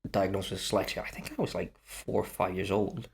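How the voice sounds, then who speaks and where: Welsh man telling lively stories. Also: deep voice, a little fast, vocal fry. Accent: Swansea Welsh. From Wales. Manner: animated storyteller who acts out quoted voices. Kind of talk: casual podcast chat.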